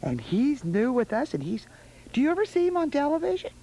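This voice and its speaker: A woman's voice: high voice, wildly swooping pitch, a little fast, warm tone, poor audio. A woman hosting a holiday television show in a studio, coaxing small children with sing-song questions. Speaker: television host.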